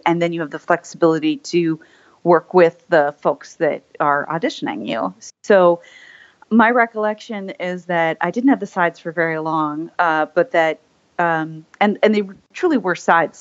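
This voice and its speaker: A woman voice actor chatting as an interview guest, rambling with many fillers and restarts. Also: fairly low pitch. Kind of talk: casual interview chat. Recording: slightly muffled lo-fi audio.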